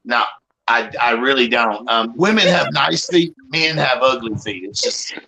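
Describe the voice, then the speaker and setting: A man's voice: mid-range voice, expressive, unhurried, creaky, sharp tone, low-quality recording. A man from Tennessee with a Southern accent, joking and drawling in a casual livestream chat. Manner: joking, drawling, does a mock Boston accent.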